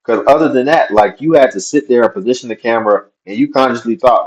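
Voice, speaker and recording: A man's voice: medium pitch, quick pace, poor audio. A man commenting on a video clip, skeptical and questioning, with a wry edge. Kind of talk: reaction commentary.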